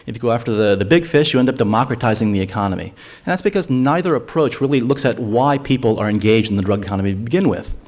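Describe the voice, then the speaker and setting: Speaking fast in an expressive, mid-range, slightly mellow voice, a man makes an earnest, argumentative case at a drug policy forum held in a lecture hall. He frequently restarts phrases, repeating words along the way.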